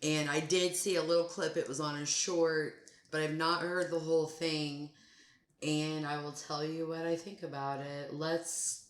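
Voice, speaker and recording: A woman's voice: low-pitched, level tone, a little slow, echoey room. A woman giving blunt, casual reaction commentary on a song, swearing freely and getting heated. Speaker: music reaction host.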